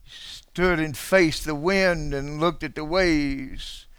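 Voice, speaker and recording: A pastor preaching a dramatic sermon to his church, dropping to a hush and then rising to shouts, calling out to people in the pews. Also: a little high, slow, clean tone, dry recording. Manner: calls out to congregation members.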